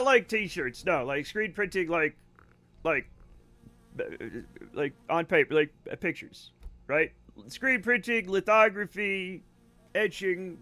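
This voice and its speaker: Lively high-voiced man telling stories. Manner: rambling, self-correcting, laughs often. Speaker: livestreamer. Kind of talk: casual storytelling while gaming.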